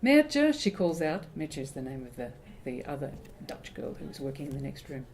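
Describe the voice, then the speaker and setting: A woman, an author, introducing and reading her own fiction aloud in a measured, expressive way. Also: rumbling low, a little hiss or hum.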